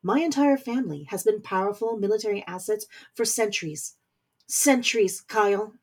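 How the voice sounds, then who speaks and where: A woman voicing a stern, powerful middle-aged mother who is a warlock general, speaking forcefully with scorn. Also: medium pitch, normal speed, husky, natural voice. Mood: stern scornful. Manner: forceful, scornful, rising to anger.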